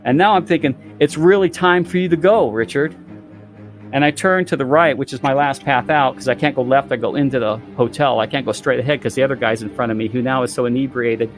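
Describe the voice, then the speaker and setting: A man with a medium-pitched voice tells a dramatic story as a podcast guest and plays up each moment. He is theatrical and lively, and faint music sits underneath. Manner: theatrical, exaggerating for effect. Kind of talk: animated storytelling.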